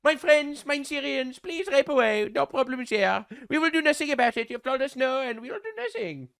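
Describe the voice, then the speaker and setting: A man putting on a squeaky, simpering official. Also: lively intonation, normal speed, vocal fry, fairly bright tone, dry recording, studio quality, exaggerated voice. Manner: high, squeaky, mock-polite. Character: simpering, meek male official caricature.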